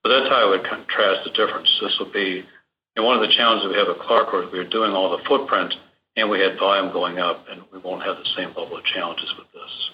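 A man, a company chief executive, speaking in measured corporate phrasing in an interview clip. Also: sits low, steady tone, dull audio, a little hiss or hum.

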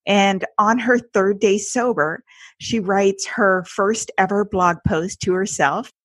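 A woman's voice: medium pitch, fairly even intonation, slow, a bit bright, slightly rough, dry recording. A woman hosting a podcast interview, chatty and enthusiastic as she introduces and questions her guest. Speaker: podcast host.

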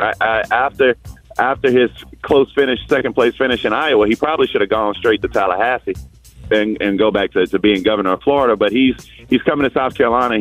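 Fast-talking low-voiced man. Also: rough recording. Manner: quick, confident, with frequent restarts. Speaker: political commentator guest. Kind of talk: casual political commentary.

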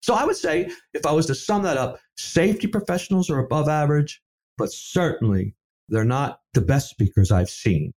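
A man's voice: fairly high pitch, normal speed. A middle-aged man, a safety professional, telling stories in a conversational interview and acting out the dialogue he quotes. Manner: animated storyteller, acts out quoted dialogue. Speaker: safety professional and seminar speaker.

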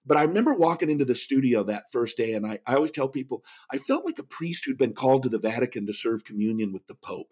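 A man's voice: mid-range voice, fast talker, hardly any pauses, breathy edge. A man who speaks professionally, telling stories in a podcast interview and bringing the people in them to life with impressions. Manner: animated, does lively impressions of others. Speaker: guest speaker.

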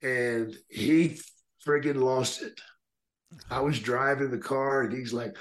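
A man's voice: medium pitch, fairly even intonation, slow pace. Laid-back man telling stories. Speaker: guest, retired wrestler. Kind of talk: casual storytelling interview.

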